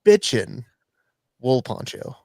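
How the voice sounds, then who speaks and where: A man's voice: mid-range voice, sing-song, slow, a little mellow, dry recording, studio quality. A man co-hosting a hunting podcast, cracking jokes and reading sponsor codes. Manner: wisecracking, reads sponsor codes. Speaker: podcast co-host. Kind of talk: casual podcast banter.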